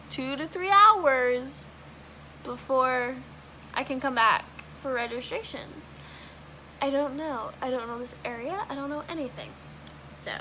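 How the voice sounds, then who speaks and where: A young woman vlogger from Washington state with a high, bright voice tells a long story in a loose, rambling way. She leans on fillers and curses casually. A faint hiss sits under the recording. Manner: casual, rambling, heavy use of "like", swearing. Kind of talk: storytime vlog.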